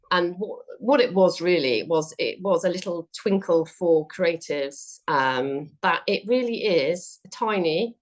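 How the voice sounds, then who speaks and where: Woman guest chatting about her research, kinda low voice, lots of ums and fixing what she just said. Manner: chatty, with frequent ums and self-corrections. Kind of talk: conversational interview.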